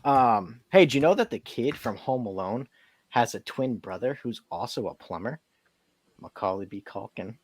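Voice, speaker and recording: A man's voice: medium pitch, lively intonation, moderate pace, no room sound. A man co-hosting a podcast, trading dad jokes with bashful, self-deprecating banter. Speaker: podcast co-host. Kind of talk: casual chat, telling dad jokes.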